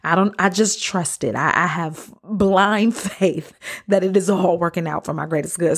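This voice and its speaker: A young adult woman hosting a podcast, giving a motivational faith talk in a conversational, encouraging way with playful asides. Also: fairly low pitch. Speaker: podcast host.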